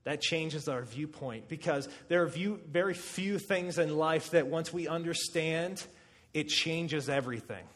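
A man preaching a sermon, telling stories with animation and acting out quotes with sudden shouts. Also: fairly high pitch, a little slow. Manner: animated storytelling, acts out quotes with loud shouts.

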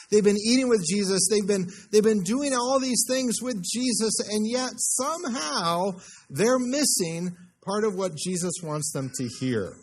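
Husky-voiced man preaching conversationally. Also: on the high side. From United States. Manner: conversational preaching with rhetorical questions to the congregation. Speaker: pastor. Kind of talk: sermon. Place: church.

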